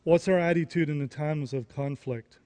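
A man's voice: a little high, normal speed, dark tone, long reverb tail. A man preaching a sermon, repeating key phrases and rising into emphatic questions. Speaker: pastor.

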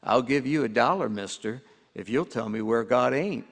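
A man's voice: medium pitch, creaky. A preacher reading as an eager little boy. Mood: cheeky. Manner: quick, cheeky reply. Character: eager little boy back from Sunday school. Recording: long hall reverb.

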